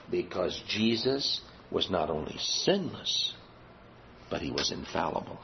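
A man preaching a sermon, emphatic and deliberate, asking his listeners rhetorical questions. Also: lowish voice. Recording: slightly dull audio with faint background noise.

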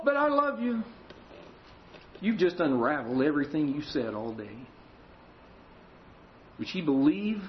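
A man's voice: on the high side, a little hiss or hum. A man preaching a sermon to his congregation, telling a story with acted dialogue. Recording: muffled lo-fi recording with faint room ambience.

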